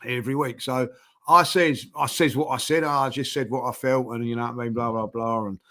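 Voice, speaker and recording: A man's voice: medium pitch, fairly even intonation, brisk, fairly bright tone. A man, a guest in a casual chat, telling a long story with lots of fillers and acting out the voices of people he quotes. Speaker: podcast guest.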